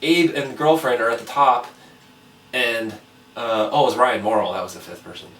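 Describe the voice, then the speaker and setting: A man hosting a casual chat, telling a long, animated, profane story and acting out his own reactions. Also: medium pitch, normal speed. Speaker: podcast host telling a story. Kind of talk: casual storytelling over beers. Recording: roomy, distant mic with faint noise.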